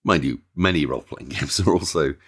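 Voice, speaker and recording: A man's voice: a bass voice, fairly quick, a bit bright, breathy edge. A man co-hosting a role-playing podcast, chatting casually with dry, wry humor. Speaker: podcast co-host. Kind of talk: casual chat.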